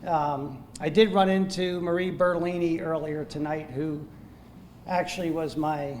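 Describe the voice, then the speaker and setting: An older man speaks to a gala crowd in a slightly high voice, halting and full of fillers. He sounds self-deprecating, and faint room noise sits underneath. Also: steady tone, darkish tone. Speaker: guest speaker at a gala, Army veteran. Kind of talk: informal remarks to an audience. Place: banquet hall at an evening gala.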